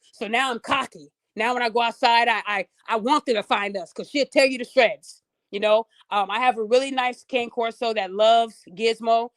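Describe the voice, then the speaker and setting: A middle-aged woman chatting casually to her viewers, telling stories in a lively, talkative way. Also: fairly high pitch, no room sound, studio quality. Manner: chatty, storytelling, addresses audience as y'all. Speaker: podcast host.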